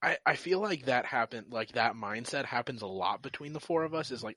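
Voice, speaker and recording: A man's voice: mid-range voice, animated, brisk, bright, forceful tone, no echo. A man co-hosting a podcast, teasing his friends in joking banter. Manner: teasing, joking, laughs often. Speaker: podcast co-host.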